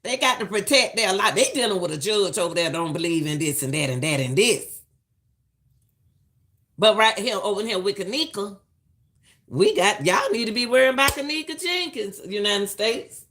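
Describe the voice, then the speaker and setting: A middle-aged woman, talking in a bright, forceful voice. She gives live-stream commentary in an emphatic, preachy way and hammers her points home by saying them again. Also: mid-range voice, lively intonation, moderate pace. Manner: emphatic and preachy, repeats lines for stress.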